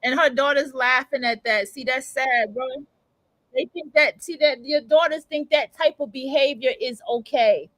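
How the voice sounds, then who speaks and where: A woman's voice: high-pitched, normal speed, fairly bright tone, no room sound, low-quality recording. A woman hosting a livestream, ranting bluntly and profanely in casual commentary. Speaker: livestream radio host.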